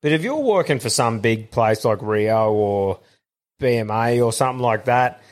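A man's voice: mid-range voice, animated, moderate pace. A man hosting a podcast in casual, blunt, swearing chat. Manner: blunt, swearing, laid-back. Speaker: podcast host.

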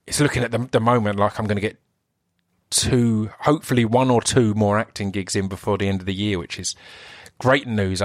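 A man's voice: on the low side, dry recording, clean studio sound. A man with an Essex accent hosting his own podcast in an enthusiastic, rambling way, often breaking off and restarting. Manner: enthusiastic, rambling, self-interrupting. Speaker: podcast host and actor. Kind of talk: solo podcast intro.

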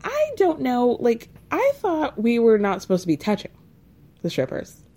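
A woman's voice: fairly high pitch, wildly swooping pitch, moderate pace, warm tone. A woman hosting a podcast, recapping a reality show in a snarky, chatty way with many asides. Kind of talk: casual chat.

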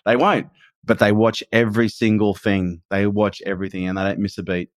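A man's voice: on the low side, level tone, a little fast, no echo. A man, in his forties, talking earnestly as a podcast guest in casual conversation. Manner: earnest and emphatic, swears casually.

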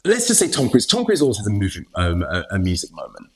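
Speaking fast in a fairly low, slightly rough voice, a man who is an actor chats animatedly in a casual interview. He keeps laughing, often starts over, and acts out what people said.

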